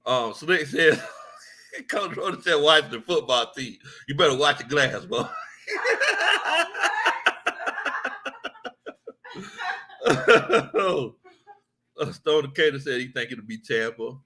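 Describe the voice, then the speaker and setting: Dude hosting a sports stream, bright voice, laughing a lot, reading comments. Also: male voice, mid-range voice, normal speed. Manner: laughs often, loose and joking, repeats phrases. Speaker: sports talk host reading viewer comments. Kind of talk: casual livestream sports chat.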